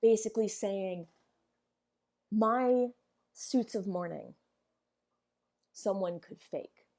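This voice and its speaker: A woman's voice: medium pitch, slow pace, dark tone. A woman teaching in a casual explanatory lesson, chatty with sassy asides.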